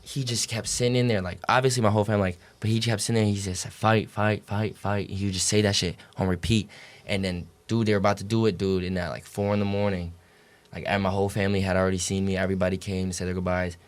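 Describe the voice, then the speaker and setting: A young man with a fairly low voice tells his story as a podcast guest. He talks casually and animatedly, swearing freely and filling his speech with "like" and "dude". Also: level tone, very fast.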